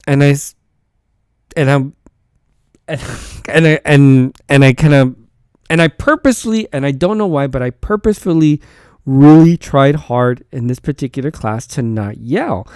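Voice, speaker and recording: A man's voice: mid-range voice, unhurried, a little mellow, clear, resonant tone, no room sound, studio quality. A man who is a teacher and podcast host, telling a story in a rambling, casual way with many false starts and repeated words.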